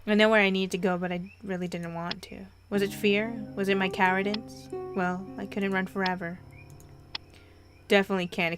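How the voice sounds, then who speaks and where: A woman reading a story game aloud with expressive delivery, stumbles and wry asides, music playing behind. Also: mid-range voice, normal speed. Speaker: game narrator and player.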